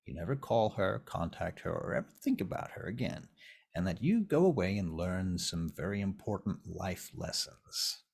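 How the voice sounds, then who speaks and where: Male GM doing a composed, commanding vampire gent; low, husky tone. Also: lively intonation, a little mellow, heavily acted. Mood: stern. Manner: measured, formal, commanding. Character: calm, formal male vampire musician Garwood.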